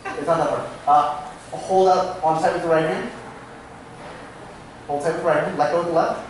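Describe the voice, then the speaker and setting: A stage magician keeps up playful, self-mocking patter with volunteers in a small theatre, addressing a live crowd with frequent asides. He speaks at a moderate pace in a slightly high, steady voice, recorded from a distance in an echoey room with a little background noise.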